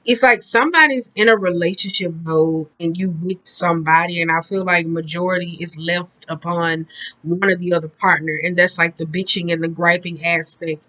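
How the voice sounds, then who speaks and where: A woman's voice: on the low side, fairly even intonation, moderate pace, pushed and bright, rough recording. A woman giving a casual tarot card reading, talking bluntly and profanely in a chatty, rambling way. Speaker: tarot reader.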